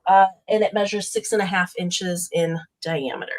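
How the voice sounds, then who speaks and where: A woman hosting a live vintage sale, describing each piece in an unhurried way with many uhs and ums. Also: on the low side, steady tone. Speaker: live sale host and seller. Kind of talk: casual live sale pitch.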